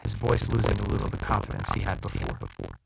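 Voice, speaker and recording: A man narrating an audiobook in first person, with a measured, tense, dramatic reading. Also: lowish voice, level tone, vocal fry, over loud music, rough recording. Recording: loud background hiss.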